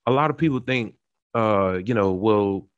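A man's voice: on the low side, normal speed, clean tone, no room sound, highs cut off. A young man hosting a casual talk show, explaining his point earnestly with everyday examples and many restarts. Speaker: podcast host. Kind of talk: casual conversational discussion.

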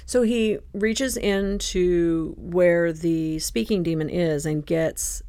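Gravelly mid-pitched co-host adding short remarks. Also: steady tone, takes it slowly, darkish tone, no echo. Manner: brief backchannel replies, laughs often. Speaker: podcast co-host. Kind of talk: casual book discussion.

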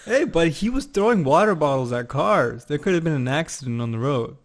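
A man's voice: a little high, fairly quick. A young man chatting casually, telling a childhood story and acting out the voices of the people in it. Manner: animated storyteller, acts out voices. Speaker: podcast guest.

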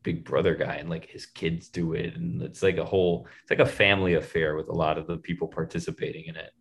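A man on a podcast as a guest in casual chat, joking dryly and animated. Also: deep voice, quick pace, breathy edge.

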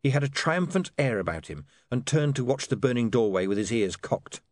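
A man narrates an audiobook in a measured, expressive way. His pitch moves widely through each sentence. The recording is dry and close. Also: no room sound.

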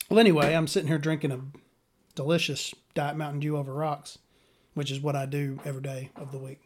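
A man's voice: on the high side, a bit bright. A man, hosting a podcast in a rambling, profane, sardonic monologue. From Southern US. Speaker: podcast host.

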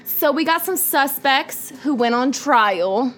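A young woman hosts a loose true-crime chat, her voice pitched a bit high. She talks at an unhurried, drawn-out pace, swearing casually and breaking into laughter at her own asides. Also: animated, a bit bright. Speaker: podcast host.

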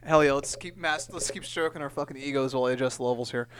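A man's voice: medium pitch, fast, a bit bright, a little hiss or hum. A young man co-hosting a podcast in casual chat, laid-back and joking with plenty of swearing. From California. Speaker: podcast co-host.

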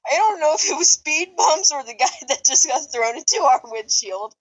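A woman's voice: sits high, expressive, moderate pace, muffled recording. A woman co-hosting a podcast, reading a comedic fanfiction aloud, giggling and stumbling over her words. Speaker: podcast co-host.

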